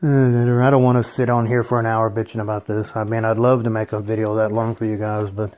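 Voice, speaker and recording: A man's voice: on the low side, level tone, fairly quick, darkish tone, slight background noise. Man ranting, bitter and profane. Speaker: channel host. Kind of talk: angry ranting vlog.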